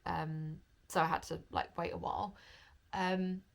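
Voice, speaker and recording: A woman's voice: lowish voice, flat delivery, measured pace, vocal fry. A young woman talking to camera in a chatty vlog, open and emotional, gushing as she shares a personal story. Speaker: vlogger.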